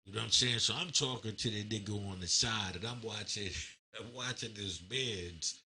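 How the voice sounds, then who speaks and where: Bright-voiced man telling a street story. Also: lowish voice, moderate pace, slight background noise. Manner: animated, acts out quoted voices, streetwise slang. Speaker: storyteller recounting prison stories. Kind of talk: casual storytelling.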